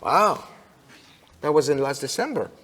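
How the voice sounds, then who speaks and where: Male conference speaker in a church, animated storyteller, slightly high voice, long hall reverb. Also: unhurried, husky. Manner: animated storyteller, frequent restarts, asks audience questions. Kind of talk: sermon-style conference talk. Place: church sanctuary.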